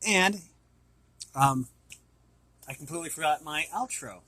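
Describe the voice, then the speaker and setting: A man's voice: fairly high pitch, normal speed, long pauses, a bit bright, no echo, rough recording. An American man vlogging in a rambling, casual way with many fillers. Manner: rambling, lots of fillers and restarts.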